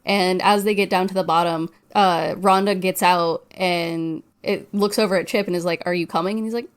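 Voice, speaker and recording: A woman in relaxed conversation walks through a horror film scene by scene. She slips into quick character voices as she quotes lines, then drops back into easy chat. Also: on the low side, clear, resonant tone. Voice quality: animated retelling with quoted voices. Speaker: podcast co-host. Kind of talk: casual movie recap chat.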